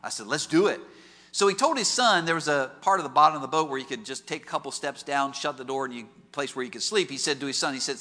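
A male pastor preaching a sermon in an auditorium, telling stories with lively rhetorical questions. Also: medium pitch, quick pace, long reverb tail. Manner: animated storytelling with rhetorical questions. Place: large auditorium.

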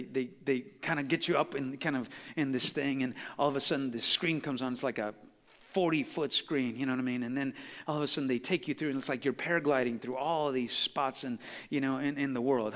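A pastor preaching a sermon, building to loud, impassioned peaks with repeated emphatic phrases. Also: male voice, mid-range voice. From Southern California. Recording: long hall reverb.

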